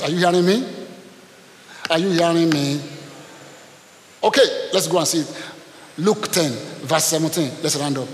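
A middle-aged man preaching to a congregation, calling for responses and telling stories. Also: a little high. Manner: call-and-response preaching, storytelling. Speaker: pastor. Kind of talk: sermon. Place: church hall. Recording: echoey hall with hiss.

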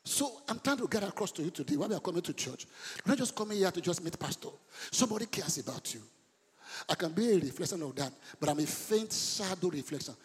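Male pastor, passionate sermon, raised voice, husky, live in an echoey church hall. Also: high-pitched, lively intonation, quick pace. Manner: impassioned preaching, rising to shouts.

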